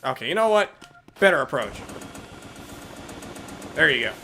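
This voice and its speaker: A young man with a congested, stuffy voice from a cold, giving excitable, jokey gameplay commentary and cursing at enemies. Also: a little high, moderate pace, vocal fry, husky. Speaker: let's play commentator.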